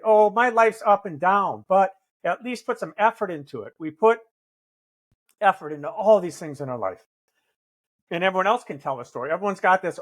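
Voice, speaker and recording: A middle-aged man speaking in a fairly high register, swearing freely as he lectures with tough-love bluntness. His delivery is emphatic and preachy, like a recovering addict who has earned the right to call people out. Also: lively intonation, fairly quick. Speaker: podcast guest, author in recovery. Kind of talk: blunt conversational storytelling.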